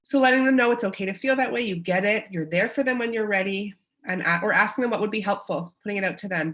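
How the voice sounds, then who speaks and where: A woman's voice: medium pitch, fast, fairly bright tone. A woman with a Canadian accent presents a parenting webinar in an encouraging way, acting out short quotes of parents and children.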